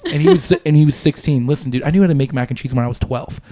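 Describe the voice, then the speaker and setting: A man's voice: on the high side, lively intonation, rapid-fire, warm tone. A man in his twenties hosting a podcast, chatting casually and telling stories with a lot of swearing. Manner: loose, profane, storytelling. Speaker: podcast host. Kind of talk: casual chat.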